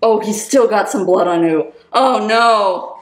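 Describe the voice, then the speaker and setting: A woman hosting an anime reaction video, gushing with excited exclamations and shrieks. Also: mid-range voice, measured pace. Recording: roomy echo.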